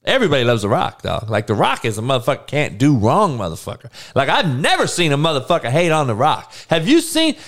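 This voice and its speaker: A man's voice: mid-range voice, big pitch swings, fast, few pauses, a bit bright. A man hosting a podcast, ranting casually and profanely to his audience with frequent laughing asides. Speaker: podcast host.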